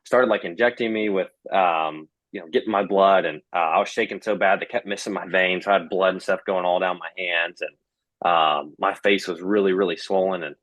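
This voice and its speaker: A man's voice: deep voice, steady tone, normal speed, a bit bright, no room sound. A young man, casually telling a personal story and acting out the back-and-forth with many fillers. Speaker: guest sharing his story.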